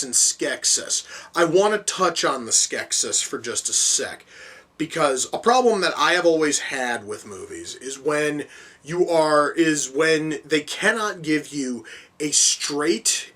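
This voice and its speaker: A man's voice: fairly high pitch, a bit bright, recorded from a distance. Rambling man reviewing a film. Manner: rambling, many restarts and fillers, mild swearing. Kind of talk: casual spoken film review.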